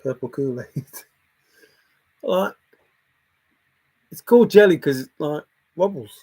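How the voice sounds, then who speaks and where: Casting: male streamer, gravelly and husky, loose rambling chat with frequent laughs. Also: fairly high pitch, expressive, unhurried, pauses often, dark tone. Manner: chatty, laughs often, wanders between topics. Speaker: livestream host reading chat.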